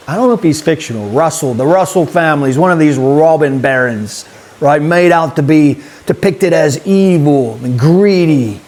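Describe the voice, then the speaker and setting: A man's voice: fairly high pitch, darkish tone. A man hosting a casual vlog, rambling and chatty as he talks straight to his viewers. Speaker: YouTube host.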